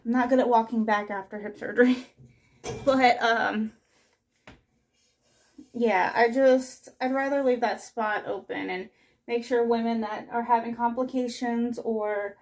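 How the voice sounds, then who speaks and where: A woman's voice: on the high side, fairly even intonation, slow, pauses often, a little mellow, a little hiss or hum. A young woman chatting casually while doing chores, rambling and breathless, recorded in her kitchen. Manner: rambling, self-interrupting, scatterbrained. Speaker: vlogger. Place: home kitchen, indoors.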